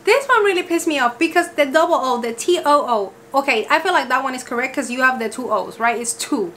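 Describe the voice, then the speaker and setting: A woman talking straight to camera in a high, bright voice. She is exasperated and fires off rhetorical questions one after another. She stretches words out slowly to make her point. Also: animated, a little hiss or hum. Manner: sounds words out slowly for emphasis. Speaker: vlogger. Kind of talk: casual talk to camera.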